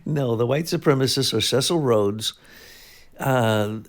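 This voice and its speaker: A man's voice: medium pitch, unhurried. A man co-hosting a political talk show, speaking emphatically, piling up sweeping claims with frequent restarts. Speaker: co-host.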